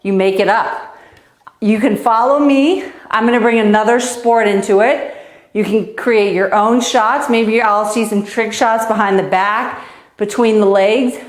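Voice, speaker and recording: A woman coaching kids through a live online tennis lesson, out of breath and encouraging them while she hits and counts. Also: fairly high pitch. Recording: echoey room.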